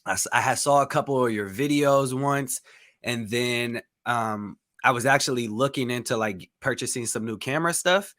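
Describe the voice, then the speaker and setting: A man's voice: mid-range voice, normal speed, a bit bright. A young man hosting a podcast, chatting casually with a guest and rambling with lots of fillers. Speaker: podcast host. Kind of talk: casual interview chat.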